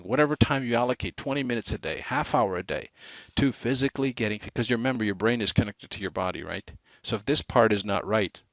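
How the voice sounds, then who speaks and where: Lively low-voiced male sales trainer. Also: no echo. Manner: animated, varies inflection and speed for emphasis. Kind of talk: motivational training talk. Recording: dull lo-fi dry recording.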